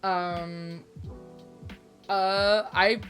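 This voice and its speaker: A woman's voice: medium pitch, fairly even intonation, extremely slow, fairly bright tone, faint music behind. A woman co-hosting a casual podcast, chatting in a giggly, playful, self-mocking way. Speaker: podcast co-host.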